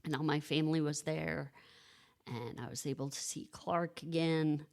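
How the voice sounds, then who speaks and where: A woman's voice: sits low, fairly even intonation, vocal fry. A woman in her thirties on a podcast, telling her own story casually, with many restarts and "like"s. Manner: halting, restarts, frequent "like" and "you know".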